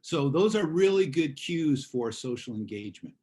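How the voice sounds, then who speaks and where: A man's voice: fairly high pitch, sing-song, moderate pace, warm tone. A man teaching an online class in a casual way, acting out examples as he explains. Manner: casual, acts out examples in voices. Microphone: video call.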